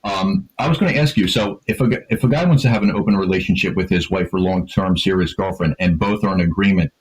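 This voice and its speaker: A man's voice: deep voice, fast, slightly rough, rough recording. A man hosting an interview, asking long rambling questions and dropping short agreements. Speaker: interview host.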